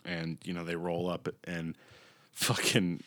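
A young man casually retelling a movie plot in a rambling, profane, animated way, acting out the characters' lines. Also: deep voice, takes it slowly, no room sound, clean studio sound.

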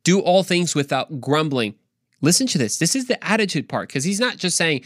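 A young man giving an informal devotional talk, animated and slangy, with quick asides to listeners. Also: a little high, dry recording, clean studio sound. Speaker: podcast preacher.

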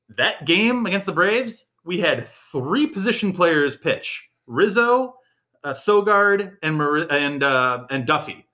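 Podcast co-host, male, bright and crisp in tone, chatty and quick to laugh. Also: on the high side. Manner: chatty, animated, laughs often. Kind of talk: casual sports chat.

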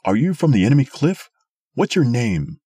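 A man voicing a cruel, bitter old man who snarls and shouts his words in a storybook reading. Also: medium pitch, very animated, normal speed, husky, dry recording, studio quality, voice pushed up. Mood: furious.

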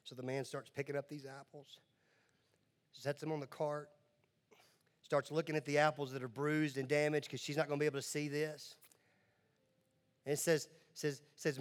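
A man in his forties, a pastor telling a story in a sermon, moving from quiet narration to loud, fervent urging. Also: on the high side, little pitch movement, normal speed, long pauses, big-room sound. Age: 40s. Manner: builds from quiet storytelling to loud, impassioned exhortation.

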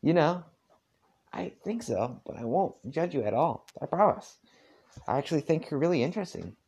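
A man's voice: fairly high pitch, very animated, moderate pace, a little mellow, slightly rough, voice pushed up, exaggerated voice. A man doing a shy, polite young guy. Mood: earnest.

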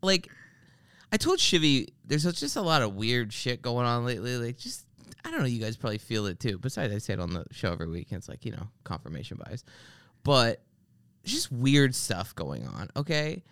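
Speaking fairly quickly, this podcast host has a clear, resonant, medium-pitched voice captured dry in clean studio sound. His casual chat is full of ranting comic stories and free swearing. He acts out his anecdotes, mimicking the people in them.

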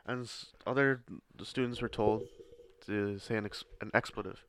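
A man's voice: fairly low pitch, steady tone, normal speed, a bit bright. Teasing man chatting on a podcast. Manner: teasing, laughs often. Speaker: podcast co-host. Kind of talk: casual chat.

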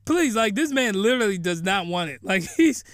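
A man with a very high, bright voice, rambling through a comedic anime recap and getting loudly incredulous. The recording is dry and close, with no room sound. He jokes constantly and digresses. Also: expressive, a little fast, dry recording. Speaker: anime reviewer.

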